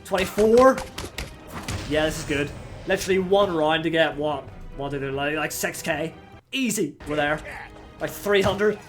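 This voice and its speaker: A young man with a high voice talks through a game as he plays it, getting excited and shouting at it. his commentary is loose and he swears freely, with faint game music playing behind him. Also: normal speed. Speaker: gaming channel host. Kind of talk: let's play commentary.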